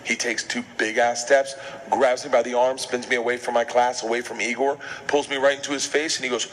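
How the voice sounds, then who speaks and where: A male stand-up comedian telling a crude story, boisterous, with sudden shouts. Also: mid-range voice, flat delivery, a little fast, rough recording. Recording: stand-up audio with clear background noise.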